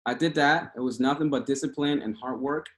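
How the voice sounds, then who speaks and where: A man's voice: medium pitch, brisk, a bit bright. Passionate Cuban man telling his story. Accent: Cuban Spanish. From Cuba. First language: Spanish. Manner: passionate, rambling, with frequent restarts. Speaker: guest speaker. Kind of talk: casual talk over a video call.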